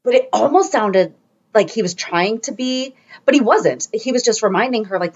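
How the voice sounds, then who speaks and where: Lively, high-voiced woman podcast co-host. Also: moderate pace. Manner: animated, laughs a lot, acts out scenes. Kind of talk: casual chat. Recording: dull lo-fi podcast audio.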